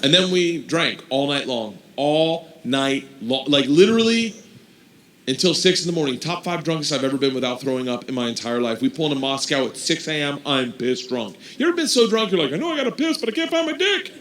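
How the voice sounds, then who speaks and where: A man telling a wild story as a stand-up comedian, animated and building to loud punchlines. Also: mid-range voice, brisk, slight background noise.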